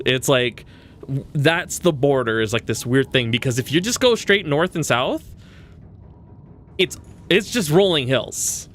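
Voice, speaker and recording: A man from Western Canada talks casually as he streams a game, with a voice of ordinary, middling pitch. He wanders between topics, stops and restarts his sentences, and breaks into short chuckles. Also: moderate pace, a bit bright, slight background noise. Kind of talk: casual gaming stream chat.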